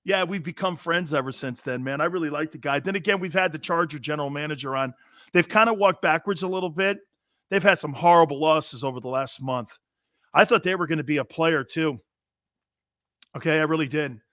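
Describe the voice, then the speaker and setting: A middle-aged man hosts a sports talk show in a rambling, animated, profane way. His voice sits a bit high for a man. The sound is close and dry. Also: a little fast, no room sound. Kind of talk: casual sports talk banter.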